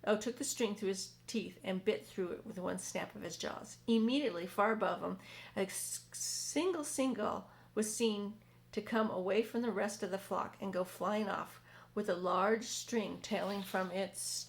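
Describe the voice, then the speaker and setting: A woman reading a children's book aloud in a community hall, steady with small slips and self-corrections. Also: mid-range voice, a little slow, vocal fry. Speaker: reader.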